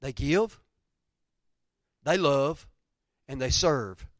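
A man preaching a conversational sermon, telling stories, then rising loud and dropping to near whispers. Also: medium pitch, moderate pace, no room sound, clean studio sound. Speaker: pastor.

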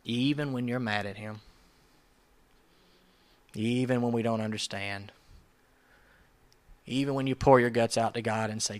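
A man preaching a sermon in a conversational, emphatic way, swinging from soft asides to loud urgency. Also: medium pitch, steady tone, unhurried, pauses often. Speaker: pastor.

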